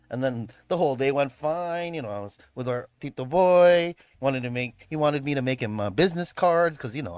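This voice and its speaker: A man's voice: mid-range voice, dry recording. A young man from the Chicago area casually telling a story on a livestream, swearing a lot, laughing often and saying "bro" and "man". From Chicago area, USA.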